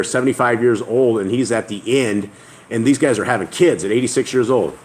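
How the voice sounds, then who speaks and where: A man leading a Bible study, reading scripture aloud and pausing to add casual, halting comments of his own. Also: medium pitch, rough recording. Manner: reads aloud steadily, then breaks off to comment casually; halting asides with restarts.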